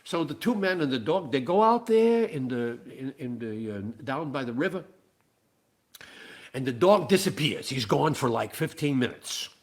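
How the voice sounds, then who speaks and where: A man telling a long comic story in a playful, animated way. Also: medium pitch, moderate pace. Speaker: singer-songwriter and storyteller. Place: living room.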